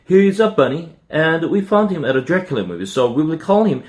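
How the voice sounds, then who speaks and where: A firm, calm storybook mother who settles arguments in a lifted, lively voice, as a man reads her. Her tone is patient and decisive. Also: fairly high pitch, a little fast, voice pushed up. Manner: firm, soothing.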